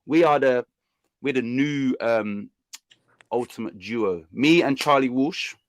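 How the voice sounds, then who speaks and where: A man's voice: medium pitch, slow. A man hosting a casual livestream, teasing and bossing his guest with lots of fillers. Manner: teasing, bossy banter with frequent fillers. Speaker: channel host.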